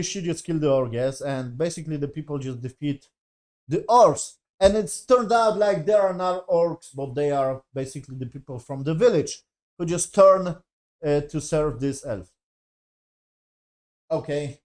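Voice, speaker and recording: A man rants through a casual review of a TV series, swearing constantly and sounding exasperated. His voice sits a little high. His English is non-native, with loose grammar and rambling, restarting sentences. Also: a little mellow.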